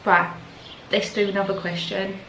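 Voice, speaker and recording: A woman's voice: mid-range voice, level tone, moderate pace, roomy sound, very noisy. A young woman with a London accent chatting casually to camera as a vlogger, filling her talk with "like". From London, England. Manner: chatty, full of "like" fillers. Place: outdoors in the evening.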